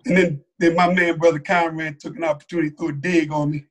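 A man, a mosque captain, giving a personal testimony as a lively, colloquial story, acting out what others said. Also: a little high, quick pace, few pauses. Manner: animated, colloquial, acts out other people's lines.

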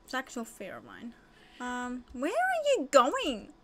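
A woman casually narrating her own life-sim game, gushing and excitable with frequent gasps and squeals. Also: fairly high pitch, measured pace, a little hiss or hum. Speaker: gaming video host. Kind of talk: casual let's-play commentary.

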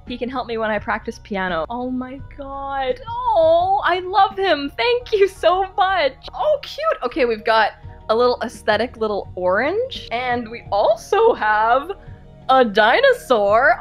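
Gushing, high-voiced woman unboxing fan mail. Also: sing-song, normal speed, soft background music. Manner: gushing, squealing with delight. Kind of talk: casual unboxing vlog.

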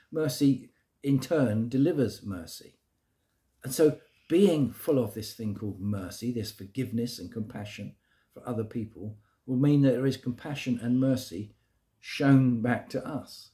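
A man's voice: medium pitch, warm tone. A middle-aged man from Britain, a church minister giving a short, informal daily sermon in a chatty, homely way that is full of rhetorical questions.

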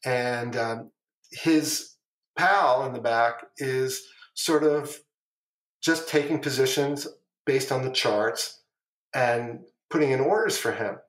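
A man's voice: mid-range voice, slow pace. A middle-aged man, a former trader, telling long stories as a podcast guest, rambling and repeating phrases, with casual swearing. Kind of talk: casual storytelling interview. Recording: echoey room.

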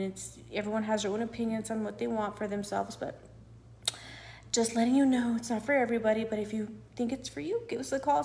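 A young woman talking casually to her phone at home, chatty and often dropping to a soft near whisper. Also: on the high side. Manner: chatty, repeats "you guys", drops to a near whisper at times. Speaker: patient sharing her recovery. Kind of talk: casual selfie vlog. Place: at home indoors.

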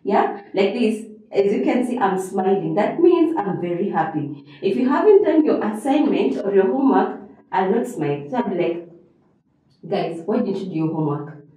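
A woman's voice: medium pitch, sing-song, normal speed, warm tone. A woman teaching a revision lesson, repeating key phrases and checking in with a rising "okay?". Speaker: English teacher. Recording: echoey room, voice from a distance.

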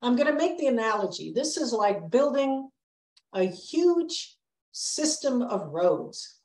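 A woman's voice: on the high side, sing-song, slow, a little mellow. Older woman lecturing in an echoey hall. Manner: earnest, emphatic, warning tone. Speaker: public lecturer, planetary scientist. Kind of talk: prepared public lecture.

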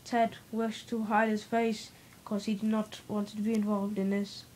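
A woman's voice: medium pitch, flat delivery, normal speed, a little mellow, slight background noise, rough recording. A young girl giving a playful home video tour, telling silly stories with mock-serious asides, recorded in a bedroom on a camera mic. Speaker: vlogger.

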